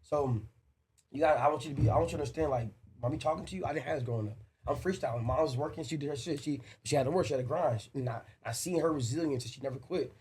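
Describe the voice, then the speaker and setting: Earnest male podcast host, fast and emphatic, slightly higher pitch, for casual talk. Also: darkish tone, slight background noise. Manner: earnest, emphatic, repeats himself. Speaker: father of two boys. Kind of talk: casual chat.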